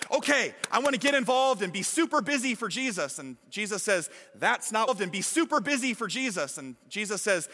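A man delivers an emphatic, energetic sermon to his congregation. His voice sits high and sounds bright and forceful. The large church hall adds a long reverb tail. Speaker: pastor.

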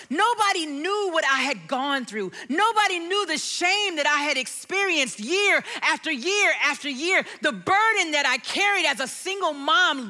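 A middle-aged woman giving a sermon testimony, telling her story expressively, dropping to hushed tones and singing bits of lyrics. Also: high-pitched. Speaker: worship leader giving testimony.

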